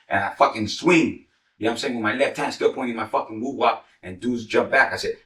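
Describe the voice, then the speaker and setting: Here a man who used to be in a gang recounts profane, raw war stories at a rapid, rambling clip, cursing constantly and leaning on heavy slang and "you know what I'm saying." The voice is medium-pitched and fairly bright, and the room echoes with him sitting off mic, far away.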